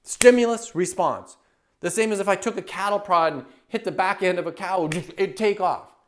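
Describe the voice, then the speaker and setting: Enthusiastic man, a touch high-pitched. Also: fairly quick. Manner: enthusiastic, animated storyteller who acts out everyday scenes. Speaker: happiness coach and public speaker. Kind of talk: motivational teaching talk to camera.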